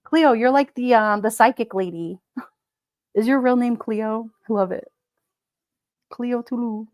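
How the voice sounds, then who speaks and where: A woman's voice: on the high side, measured pace, a little mellow, dry recording. A woman hosting a live stream, chatting casually and rambling with her viewers, often giggling.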